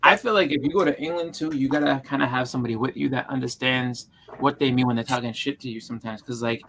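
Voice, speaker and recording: A man's voice: mid-range voice, quick pace, crowd noise. A man in his thirties chatting casually in a group, rambling and repeating words as he gets his thoughts out.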